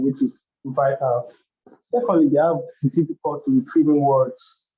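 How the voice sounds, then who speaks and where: A man hosting a workshop, explaining topics step by step in a loose way with frequent restarts. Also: medium pitch. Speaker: workshop host. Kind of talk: educational talk. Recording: dull lo-fi sound.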